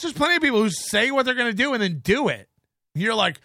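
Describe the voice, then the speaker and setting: A man's voice: extremely high pitch, lively intonation, a little fast, bright, forceful tone, no echo, clean studio sound. A man hosting a livestream, ranting angrily with mocking, profane jabs. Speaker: livestream host.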